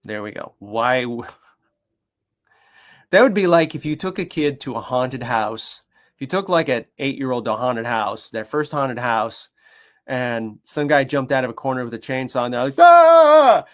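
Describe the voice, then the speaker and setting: Speaking at a measured pace, a man who works as a dog behaviour consultant shares stories in an easygoing chat. He's emphatic and passionate, voicing the people and animals with big pitch leaps.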